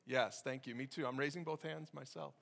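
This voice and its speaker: A man preaching a sermon to his congregation, conversational and energetic, with sudden loud bursts. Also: medium pitch, brisk, gravelly. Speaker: pastor.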